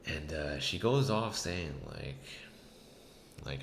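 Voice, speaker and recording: A man's voice: extremely low pitch, lively intonation, takes it slowly, creaky, pauses often, a little hiss or hum. A man hosting a podcast, telling a personal story in a hesitant, reflective way. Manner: hesitant and reflective, many restarts. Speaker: podcast host. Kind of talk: casual storytelling chat. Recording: echoey room.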